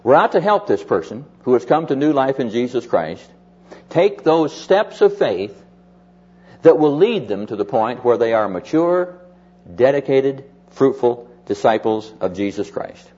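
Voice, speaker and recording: A man preaching a sermon to a live audience, telling stories in a folksy way and slowing down to stress key phrases. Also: medium pitch, very animated, a little mellow, slightly rough. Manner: folksy storytelling with emphatic slowed phrases. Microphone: mic on stand or lapel. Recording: dull lo-fi recording.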